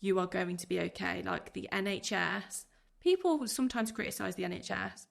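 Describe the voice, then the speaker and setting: A woman's voice: medium pitch, vocal fry. A woman in her thirties, a podcast guest telling her own story in an earnest, heartfelt way. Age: 30s. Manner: earnest, heartfelt, speaks in rushes of feeling. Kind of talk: emotional personal interview.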